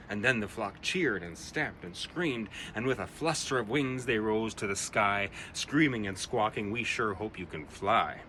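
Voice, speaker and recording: A man reading his own rhyming children's poem aloud, with an expressive, rhythmic delivery. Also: fairly low pitch, a little hiss or hum. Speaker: storyteller.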